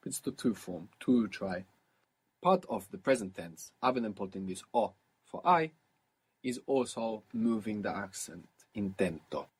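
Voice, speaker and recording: A man teaching a recorded language lesson, explaining patiently and repeating word forms slowly. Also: medium pitch, husky. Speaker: language teacher on audio course.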